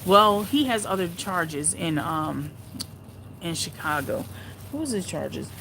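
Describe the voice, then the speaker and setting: A woman's voice: lowish voice, expressive, takes it slowly, vocal fry, bright, forceful tone, a little hiss or hum, rough recording. A woman hosting a casual live stream, chatting bluntly and profanely with her viewers and laughing often. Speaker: livestream host reading viewer comments.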